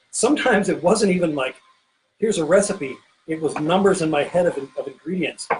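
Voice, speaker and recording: High-voiced man rambling behind a bar. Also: slight background noise, rough recording. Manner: rambling, self-interrupting, playful. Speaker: bartending show host. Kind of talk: casual joke-telling chat while mixing drinks. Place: home pirate-themed bar.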